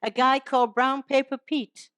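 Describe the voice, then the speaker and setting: Brief: matter-of-fact Wild West barman, flat and unhurried, voiced by a woman. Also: high-pitched, no room sound. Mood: deadpan. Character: laconic male saloon barman.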